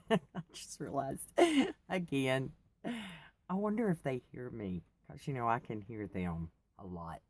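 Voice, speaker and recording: A woman's voice: rumbling low, expressive, a little slow, a little mellow. A woman from the United States, chatting casually and rambling to her viewers in a vlog, laughing often. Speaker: vlogger. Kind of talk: casual chat to camera.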